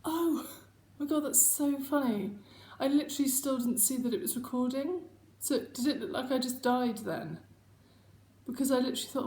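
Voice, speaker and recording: A woman's voice: high-pitched, normal speed, darkish tone. A woman hosting her own casual video chat, rambling and self-mocking as she talks at home. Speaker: host. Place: home room. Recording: echoey home room.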